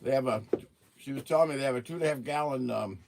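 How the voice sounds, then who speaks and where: A man's voice: mid-range voice, fast talker, creaky, noisy background. A man hosting a casual livestream, chatting with viewers while eating and talking with his mouth full. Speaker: livestream host.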